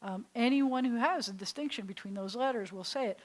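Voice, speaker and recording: With a fairly high, brisk voice, a rabbi leads a small seated class, walking through the material step by step in a chatty way. She frequently turns questions over to her students.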